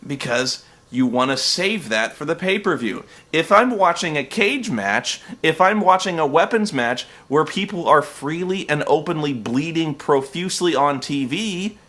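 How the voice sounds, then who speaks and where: A man with a somewhat high, tense, bright voice hosts a comedic review. He rants through a recap with sarcasm and plenty of swearing. He rambles on fillers and grows openly exasperated. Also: animated, unhurried. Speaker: host reviewing wrestling.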